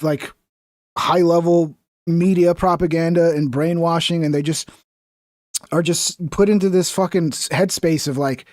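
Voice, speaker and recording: Profane, high-voiced male streamer. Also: darkish tone, no echo, studio quality. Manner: profane, rambling, blunt. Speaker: livestream host. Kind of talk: casual livestream commentary.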